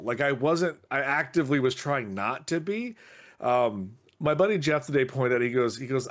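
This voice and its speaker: A man's voice: medium pitch, expressive, brisk. Middle-aged guy telling a story on a podcast, snarky tone, voice swoops up and down a lot. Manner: snarky, wry delivery. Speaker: podcast co-host. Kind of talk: casual storytelling chat.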